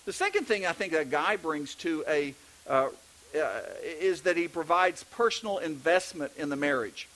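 Middle-aged Texan pastor, higher-pitched voice, easygoing preaching, often restarts sentences. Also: male voice, animated, normal speed, fairly bright tone, poor audio. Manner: conversational preaching with frequent restarts. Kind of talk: sermon.

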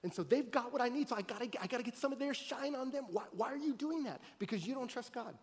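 A man preaching a sermon as pastor, telling a story with animated swings between loud excited bursts and quiet earnest talk. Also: extremely high pitch, quick pace. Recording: long hall reverb.

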